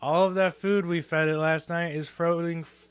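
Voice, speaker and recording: A man's voice: a little high, steady tone, normal speed, clean tone, no room sound. A young man co-hosting a podcast, telling a story in casual chat, candid and swearing freely. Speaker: podcast co-host.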